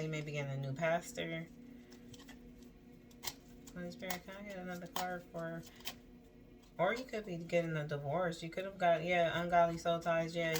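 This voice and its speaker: A woman giving a casual spoken tarot reading, reading card text aloud and then riffing on it in a chatty way with lots of "like" and "um". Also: low-pitched. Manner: chatty, loose, full of "like" and "um" asides. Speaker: tarot reader.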